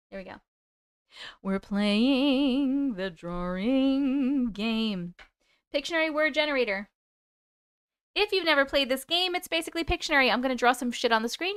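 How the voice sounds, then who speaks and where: A woman's voice: a little high, a bit bright, clear, resonant tone, no echo, clean studio sound. A woman hosting a live stream, chatting casually with viewers, laughing often and swearing freely.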